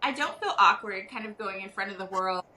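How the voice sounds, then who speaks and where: A woman's voice: mid-range voice, a little fast, slight background noise, poor audio. A woman guest potter in a casual video-call chat, talking with frequent ums and easy laughs. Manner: warm, hesitant with many ums.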